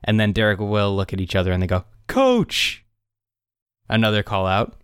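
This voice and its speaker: A man's voice: low-pitched, fast, clean tone, no room sound, clean studio sound. A young man co-hosting a podcast, casually retelling a TV episode and jumping into the characters' lines. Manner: animated retelling, quotes characters in raised voices. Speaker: podcast co-host recapping a show. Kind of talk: casual chat.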